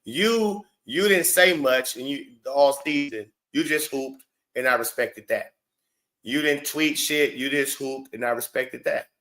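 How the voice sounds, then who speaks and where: A man's voice: mid-range voice, a little slow, sharp tone. Blunt, mocking man ranting at a clip. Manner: blunt, mocking, profane, talks back at a clip. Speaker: show host reacting to clips. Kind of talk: heated reaction commentary.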